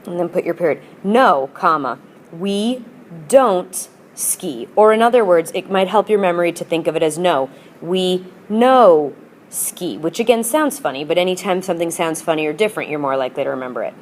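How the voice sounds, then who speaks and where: Speaking a little fast with lively intonation, a woman with a fairly low voice leads a language lesson. She goes over drills with patient repetition, switching between English and Spanish.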